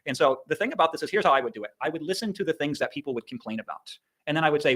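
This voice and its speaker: Middle-aged man from Iowa, online business coach on a livestream; rapid, emphatic, slightly high-pitched delivery. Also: animated, a bit bright. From Iowa, USA. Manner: emphatic, punchy, drops profanity and sound effects. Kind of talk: energetic motivational livestream talk.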